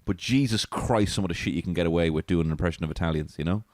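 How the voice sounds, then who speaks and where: Deep-voiced rambling man. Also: rapid-fire, a little mellow, dry recording, studio quality. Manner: rambling, swearing, laughs at own jokes. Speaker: podcast host. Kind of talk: solo comedy podcast monologue. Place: small alcove room.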